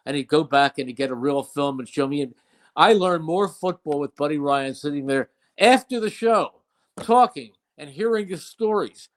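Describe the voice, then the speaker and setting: A man's voice: on the high side, lively intonation, normal speed. An older man, a veteran broadcaster, telling fond anecdotes in an interview with emphatic, storytelling delivery. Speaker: play-by-play broadcaster.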